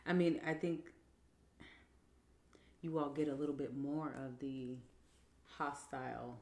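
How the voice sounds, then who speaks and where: A woman guest on a podcast in casual chat, relaxed and thoughtful, sometimes trailing off mid-thought. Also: sits low, measured pace, echoey room.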